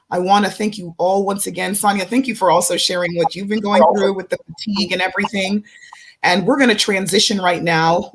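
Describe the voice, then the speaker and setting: A woman doctor hosting a panel discussion, explaining symptoms earnestly to her guests and viewers. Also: mid-range voice. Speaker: doctor and host. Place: studio stage with guests.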